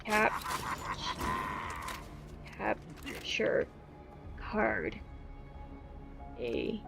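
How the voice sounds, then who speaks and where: A woman's voice: medium pitch, sing-song, extremely slow, vocal fry, music in the background. A woman streaming from home, flustered and apologetic, filling her talk with ums while she fixes her setup. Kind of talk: casual live-stream talk.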